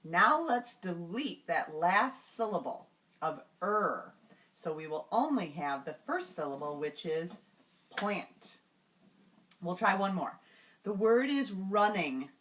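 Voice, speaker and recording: A woman demonstrating classroom reading routines, sounding out words patiently and slowly. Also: on the low side, sing-song, fairly bright tone. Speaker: teacher trainer. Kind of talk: instructional demonstration.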